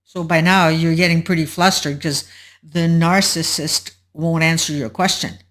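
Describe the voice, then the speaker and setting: A woman hosting a solo advice talk, explaining in a measured way and walking through an example step by step. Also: sits low, fairly even intonation. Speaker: host.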